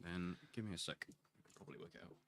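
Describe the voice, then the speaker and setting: A man's voice: deep voice, fast talker, a bit bright, slight background noise. A man in a band chatting casually on a live stream, matter-of-fact and reading labels aloud. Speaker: band member.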